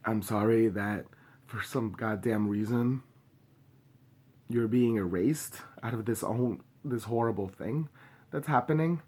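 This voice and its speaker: Grieving, impassioned young man, low voice. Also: mellow. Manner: impassioned, halting with many pauses and fillers; swears openly. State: grieving and angry. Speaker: vlogger. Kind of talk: personal video statement.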